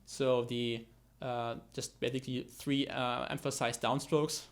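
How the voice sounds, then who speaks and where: A man's voice: medium pitch, little pitch movement, a little slow. A man explaining guitar technique in a tutorial, talking with frequent fillers and restarts and counting beats aloud. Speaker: guitar teacher. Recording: loud guitar under the voice. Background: guitar playing.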